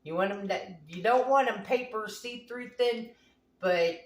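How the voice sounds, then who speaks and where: A woman's voice: mid-range voice, measured pace. A woman hosting a home cooking show, telling rambling, folksy stories in a casual way as she cooks. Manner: folksy, rambling, homespun phrasing. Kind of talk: casual storytelling while cooking. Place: home kitchen. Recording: echoey room, mic at a distance.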